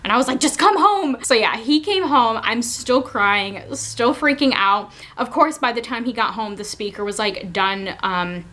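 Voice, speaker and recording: A woman's voice: fairly high pitch, moderate pace, few pauses, fairly bright tone. A young woman vlogger telling a casual storytime, chatty and giggly, with a lot of "like" fillers.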